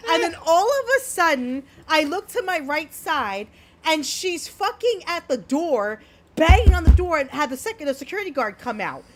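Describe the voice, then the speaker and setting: A woman's voice: sits high, very animated, moderate pace, a little hiss or hum. A woman co-hosting a podcast, telling a story in a brash, swear-filled casual chat. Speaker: podcast co-host.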